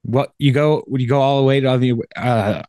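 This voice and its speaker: A man's voice: medium pitch, moderate pace, dark tone, no room sound, studio quality. A man co-hosting a podcast, casually recapping an episode in a rambling way, with lots of fillers and laughter. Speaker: podcast co-host.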